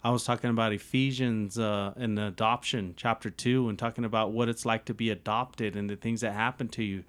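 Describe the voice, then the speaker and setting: A man hosting a podcast in casual chat, relaxed and affirming, sometimes groping for words. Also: fairly low pitch, fairly quick. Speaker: podcast host.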